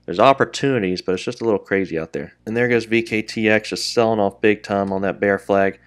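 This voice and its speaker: A man hosting live day trading commentary, talking quickly to his viewers as traders and guys, and openly scolding himself when a trade goes wrong. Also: lowish voice. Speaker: day trader and channel host.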